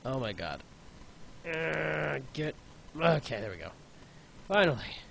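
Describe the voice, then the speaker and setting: A man plays a video game and gives frustrated commentary, exclaiming at each failure and muttering between tries. His voice sits fairly high, swings widely in pitch and moves at a slow pace, over clear background noise. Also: big pitch swings, fairly bright tone. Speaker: gaming YouTuber. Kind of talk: let's play commentary.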